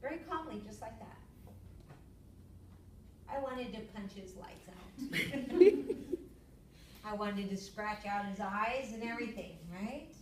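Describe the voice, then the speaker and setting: A middle-aged woman, teaching a yoga lecture to students as a lively storyteller. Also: takes it slowly, long pauses, slight background noise. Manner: lively storyteller, acts out her own yelling in a high voice. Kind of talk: classroom lecture. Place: classroom. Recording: echoey room, far from the mic.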